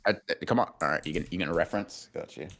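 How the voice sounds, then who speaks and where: A young man co-hosting a casual podcast livestream, teasing his friend and reading super chats, with sudden high-pitched bursts. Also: rapid-fire, fairly bright tone. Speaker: podcast co-host.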